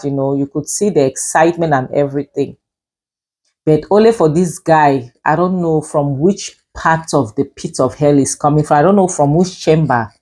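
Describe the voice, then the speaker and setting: A woman's voice: sits low, a little mellow. A woman reviewing a drama series, emphatic and scolding, with frequent "you know" fillers. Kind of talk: opinionated review commentary.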